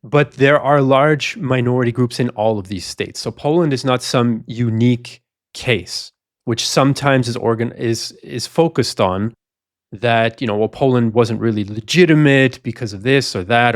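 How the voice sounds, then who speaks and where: A man's voice: mid-range voice, moderate pace, dry recording, studio quality. A man co-hosting a history podcast, laying out background context at length in a discussion. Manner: explanatory, lays out context at length. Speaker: podcast co-host.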